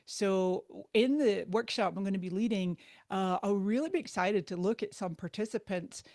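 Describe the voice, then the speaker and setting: Lively woman who laughs often. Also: medium pitch, normal speed, dry recording, studio quality. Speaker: guest speaker. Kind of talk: casual interview talk.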